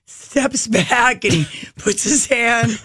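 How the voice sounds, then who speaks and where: A woman's voice: on the high side, slow pace, breathy edge, no echo, studio quality. A woman from Minnesota co-hosting a casual chat, telling a story animatedly and acting out the people in it. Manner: animated storyteller who acts out the other people. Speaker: podcast co-host. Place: studio.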